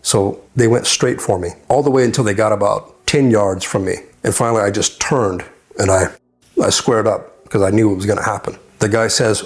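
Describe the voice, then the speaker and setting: A man's voice: fairly low pitch, fairly even intonation, a little fast. A man from the United States telling his personal conversion testimony as a story, with fillers and acted-out lines from the people he meets.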